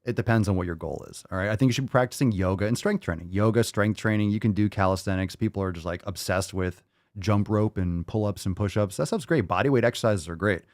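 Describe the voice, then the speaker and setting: Male podcast host, blunt and joking, lower voice, dry close sound. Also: fast, darkish tone, dry recording. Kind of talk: live Q&A chat.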